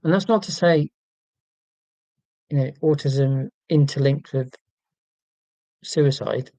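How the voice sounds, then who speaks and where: A man with a somewhat high, warm voice hosts a casual livestream, speaking slowly as he reads viewer comments aloud. He comes across earnest and self-deprecating, rambling with lots of ums and restarts. There's no room sound, but the recording is rough.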